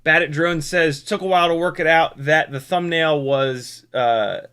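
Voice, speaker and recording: Bright-voiced man chatting on a stream. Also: fairly high pitch, moderate pace, clear, resonant tone. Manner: rambling, self-mocking, frequent restarts. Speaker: streamer reading chat. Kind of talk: casual live-stream chat. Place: home workshop at a workbench.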